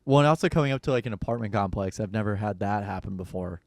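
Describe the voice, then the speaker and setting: A man's voice: lowish voice, quick pace, a little mellow, no echo, clean studio sound. A man co-hosting a podcast, chiming in with short teasing remarks in casual chat. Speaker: podcast co-host.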